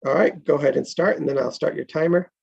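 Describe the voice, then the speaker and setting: A man hosting a casual online script-reading session and prompting the others in a relaxed way, heard over a video call. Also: fairly high pitch, fast, creaky, slightly rough, highs cut off. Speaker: host. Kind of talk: casual group chat.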